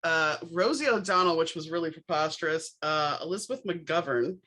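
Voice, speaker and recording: A New Orleans woman with a deep voice hosts a podcast at a moderate pace, spinning anecdotes in a casual, wry style. She's an animated storyteller who acts out the dialogue and drops dry asides along the way.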